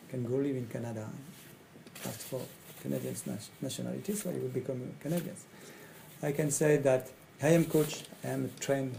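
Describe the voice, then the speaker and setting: A middle-aged man from France with a French accent, a coach speaking in halting English and often repeating his phrases. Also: medium pitch, vocal fry, mellow, a little hiss or hum, low-quality recording. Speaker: coach and facilitator. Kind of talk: speaking to camera about his training.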